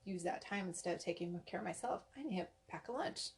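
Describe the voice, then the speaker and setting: A woman's voice: lowish voice, animated, quick pace, vocal fry. A woman hosting a podcast, talking in a supportive, reflective casual way with frequent "like". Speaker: podcast host. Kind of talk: casual chat.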